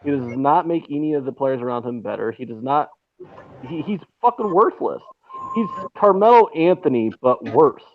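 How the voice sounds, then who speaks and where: A man with a mid-range, lively voice and moderate pace co-hosts a casual sports betting chat by remote call. He's sarcastic and profane, ranting with plenty of swearing, and the line sounds tinny and phone-like with faint noise.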